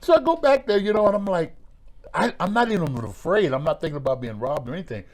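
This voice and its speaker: A middle-aged man, a former pro wrestler, telling stories in a relaxed interview, with a lively way of talking that acts out voices and repeats words. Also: high voice, fast. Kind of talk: storytelling in a podcast interview.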